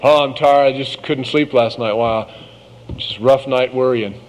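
A man's voice: mid-range voice, fairly even intonation, a little slow, lightly acted, rough recording. A man playing a fretful wife who can't sleep. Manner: fretful, mock-complaining. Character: worried wife lying awake at night.

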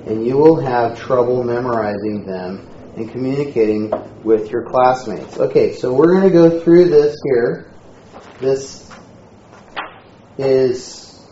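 A man teaching a Greek class in a relaxed, joking lecture style. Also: medium pitch, a little hiss or hum. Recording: echoey room, dull lo-fi sound.

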